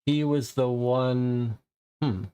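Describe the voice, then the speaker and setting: A man's voice: mid-range voice, fairly even intonation, extremely slow, dark tone, clear, resonant tone. A man playing a game and thinking aloud as he takes notes. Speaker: game player. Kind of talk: casual game commentary.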